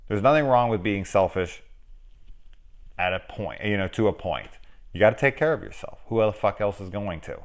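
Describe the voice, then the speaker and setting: Deep-voiced, profane man reviewing a movie. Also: expressive, moderate pace. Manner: profane, joking and rambling. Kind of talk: casual film review chat.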